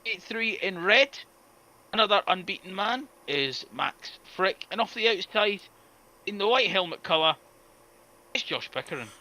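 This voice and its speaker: A man co-hosting a speedway podcast, reading out lineups and results in a measured, announcer-like way. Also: sits high, animated, pushed and bright, poor audio.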